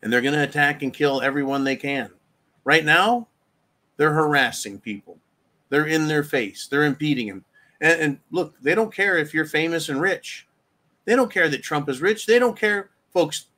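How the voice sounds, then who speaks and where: A man's voice: on the high side, moderate pace, pushed and bright. A middle-aged man hosting a solo commentary rant, rambling, sarcastic and profane. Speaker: host.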